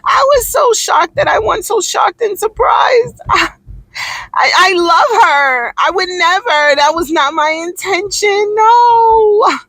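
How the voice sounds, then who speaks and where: A woman's voice: very high-pitched, lively intonation, slow, fairly bright tone, no echo, voice pushed up, heavily acted, rough recording. A woman doing a mocking impression of a young female pop star, gushing and playing innocent. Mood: mock-humble.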